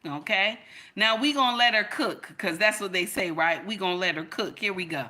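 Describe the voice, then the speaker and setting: Bright-voiced emphatic woman commentator. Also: medium pitch, brisk. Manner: emphatic, repeats phrases for effect, preachy. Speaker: reaction video host. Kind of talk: casual commentary.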